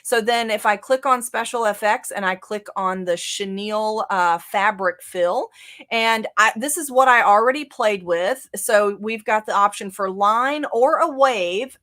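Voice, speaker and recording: A woman with a Southern US accent, giving a casual live software tutorial as the instructor and talking through each click with frequent fillers. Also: mid-range voice, unhurried. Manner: casual, chatty, thinking aloud with fillers.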